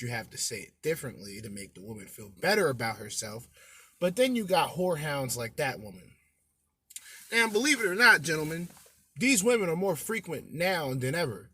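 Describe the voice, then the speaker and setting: A man's voice: mid-range voice, a bit bright, no room sound. A man hosting a podcast in a casual, brash commentary style, swearing and bantering with his listeners. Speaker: podcast host.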